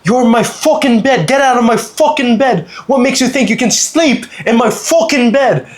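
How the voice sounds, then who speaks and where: A man imitating an angry British backpacker who shouts and swears at another guest. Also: expressive, moderate pace, reverberant. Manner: shouting, swearing, high-pitched. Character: angry drunk British male backpacker, aggressive.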